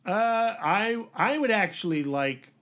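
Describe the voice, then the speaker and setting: A man's voice: high-pitched, animated, slow pace, fairly bright tone. A man co-hosting a movie podcast in casual chat, rambling and hesitant, full of fillers and restarts. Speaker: podcast co-host.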